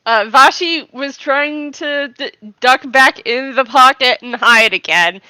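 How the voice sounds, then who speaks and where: A woman playing in a tabletop game, relaxed and easily amused. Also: high-pitched, slow, clear, resonant tone, no room sound. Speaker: player. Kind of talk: casual tabletop play.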